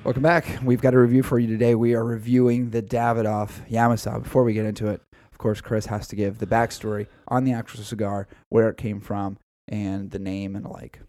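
A man's voice: lowish voice, flat delivery, a little fast, dry recording, studio quality, soft background music. A man co-hosting a casual podcast, talking at length and laying out the show's plans. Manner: talkative, plans the show out loud. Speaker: podcast co-host.

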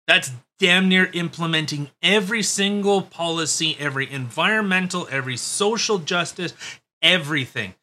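Blunt, bright-voiced man. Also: a little high, normal speed. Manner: blunt, sarcastic, profane. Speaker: podcast host. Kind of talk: casual chat.

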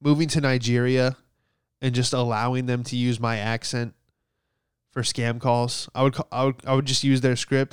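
A man's voice: mid-range voice, moderate pace, clear, resonant tone, no room sound, studio quality. A man telling a sarcastic comedic story, exasperated and swearing casually.

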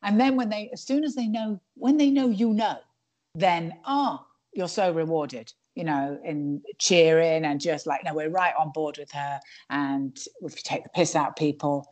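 A woman's voice: on the low side, unhurried, a little mellow. A woman stand-up comedian chatting in an interview, digressive and full of restarts. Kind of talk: casual interview chat.

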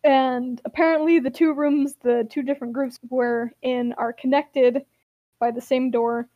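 A young woman with a high voice gives a chatty comic recap of a game's plot, wry and quick to laugh. The recording is close and dry, with no room sound. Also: fairly even intonation, no room sound, lo-fi sound.

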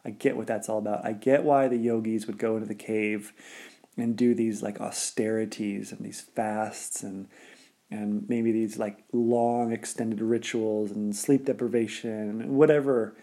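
A man's voice: lowish voice, flat delivery, measured pace, mellow. A young adult man telling a personal story in a casual, rambling, laid-back way, full of filler words.

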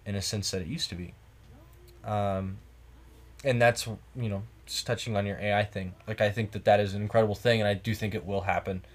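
A man's voice: lowish voice, fairly even intonation, brisk. Rambling, reflective podcast host man. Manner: rambling, reflective, restarts sentences. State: a few drinks in. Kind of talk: casual late-night chat. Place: cabin in the woods.

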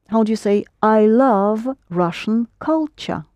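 A woman's voice: on the high side, slow pace, few pauses, a little mellow, no room sound. A woman teaching a Russian lesson in English, patiently correcting her students' pronunciation. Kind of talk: language lesson.

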